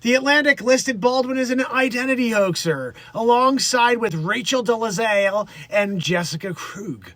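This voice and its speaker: A man's voice: extremely high pitch, animated, normal speed, few pauses, fairly bright tone, dry recording. A man hosting a comedic news show, reading stories and riffing in a rambling, self-interrupting, mocking way.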